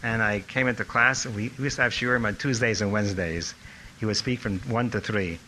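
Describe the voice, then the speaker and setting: A man's voice: fairly low pitch, fairly quick, slight background noise, poor audio. An older man telling anecdotes about his former teacher in a reminiscing speech. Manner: storytelling, animated when quoting others. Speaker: former student giving a tribute talk.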